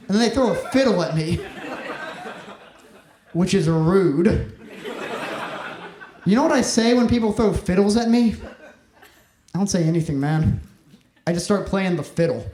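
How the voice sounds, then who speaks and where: Young male stand-up comic from Mississippi, fairly high voice, wry deadpan, roomy club sound with faint noise. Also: unhurried, long pauses. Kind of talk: stand-up comedy set. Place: comedy club stage.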